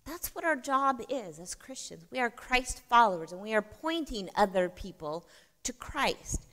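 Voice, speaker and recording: A woman's voice: mid-range voice, bright, forceful tone. Woman teaching in a reverberant church. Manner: conversational, asks the audience questions. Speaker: conference speaker. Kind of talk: church conference teaching talk. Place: church hall. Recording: long reverb of a church hall.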